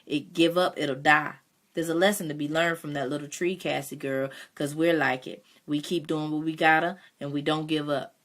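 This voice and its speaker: A woman reading aloud, voicing a weary farmer father who speaks slowly and earnestly to his daughter. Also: deep voice, fairly even intonation, close to an everyday voice. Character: weary Southern farmer father, gentle and steady.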